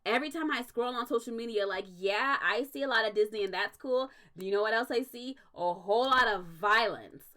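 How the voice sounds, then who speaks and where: A woman's voice: on the high side, quick pace, few pauses, fairly bright tone. A young adult woman hosting a casual livestream, ranting emphatically with frequent swearing and laughter. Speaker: stream host.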